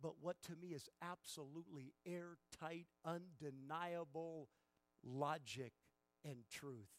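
Pastor, man, higher voice, unhurried, emphatic sermon delivery with loud bursts. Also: no room sound. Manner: emphatic preaching, swings from soft to loud bursts.

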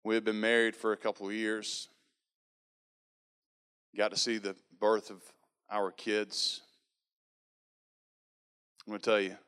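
Smooth-voiced man telling his testimony. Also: fairly low pitch. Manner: earnest, storytelling, animated quoting. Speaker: speaker giving a testimony. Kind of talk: personal testimony sermon.

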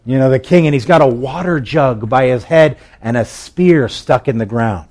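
A man's voice: medium pitch, moderate pace, darkish tone. A male pastor preaching a sermon in a conversational storytelling way, with fillers and restarts.

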